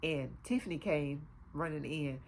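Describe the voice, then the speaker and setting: A woman with a lowish voice talks through a TV episode like she's catching up a friend. Her delivery is loose and animated, full of asides and fillers. A faint hiss sits under the voice. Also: a little slow, gravelly. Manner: chatty, animated retelling with many fillers. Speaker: TV show reviewer, host. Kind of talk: casual episode recap.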